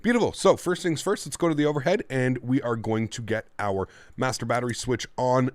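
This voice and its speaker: A man's voice: mid-range voice, brisk, few pauses, slight background noise. A man streaming a flight simulator, chatting casually and thanking his viewers in a friendly way. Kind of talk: casual livestream commentary.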